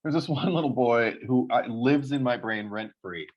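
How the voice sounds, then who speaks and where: A man co-hosting a casual podcast chat, telling stories in an animated way and swearing freely. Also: normal speed. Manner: animated storytelling, jumps high for quoted voices. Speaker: podcast co-host. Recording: slightly dull lo-fi sound.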